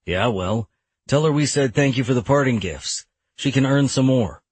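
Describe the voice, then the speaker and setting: A man voicing a smug opposing attorney, crude and needling in a husky voice. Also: medium pitch, animated, moderate pace, voice pushed up. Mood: mocking.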